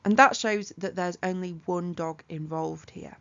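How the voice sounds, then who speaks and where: A woman tutor walks through an exam revision lesson in a clear, methodical way, working through one example after another. Her voice sits low and carries a gravelly fry. The audio sounds a little dull and lo-fi. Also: measured pace. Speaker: English tutor.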